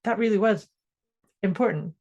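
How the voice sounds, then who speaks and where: A woman's voice: medium pitch, normal speed, a little mellow, highs cut off. A woman co-hosting a casual mindset podcast, explaining ideas step by step and laughing easily. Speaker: podcast co-host.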